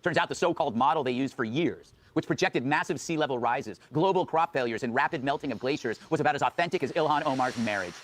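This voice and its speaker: A man's voice: medium pitch, fast talker, hardly any pauses. A man delivering a scripted comedic monologue as a late-night host, with snappy punchlines.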